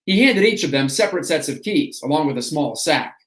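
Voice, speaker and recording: A man hosting a stream, reading an autobiography aloud in a steady storytelling way. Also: a little high, fairly quick. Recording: roomy echo.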